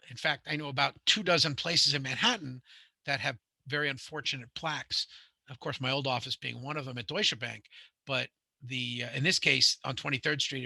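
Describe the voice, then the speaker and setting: A man's voice: mid-range voice, vocal fry, sharp tone, no room sound. A middle-aged man, teaching a home inspection class in a rambling, conversational way, full of fillers and restarts. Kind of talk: classroom lecture with anecdotes.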